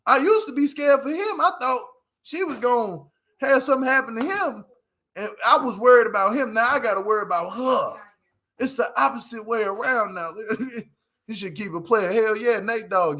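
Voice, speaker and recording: A man riffing through a reality show recap in loose, slangy commentary, laughing often at what he saw. His voice sits high and sounds bright and sharp. The delivery is animated and conversational. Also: moderate pace. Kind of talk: casual commentary vlog.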